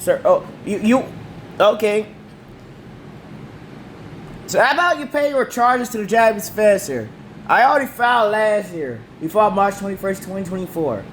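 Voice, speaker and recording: High, lively man ranting slowly. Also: a little hiss or hum. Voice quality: damaged vocal cords. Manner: rambling, repetitive, slangy. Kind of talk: casual rant to camera.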